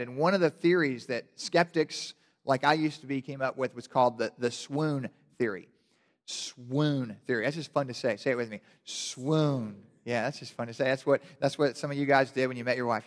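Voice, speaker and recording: A male pastor giving a casual, animated sermon with joking asides, often restarting his sentences. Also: medium pitch. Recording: long hall reverb.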